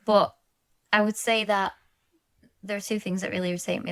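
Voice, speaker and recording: A woman's voice: medium pitch, level tone, fairly quick, smooth. A woman co-hosting a podcast in casual chat, frank and chatty, laughing often. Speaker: podcast co-host.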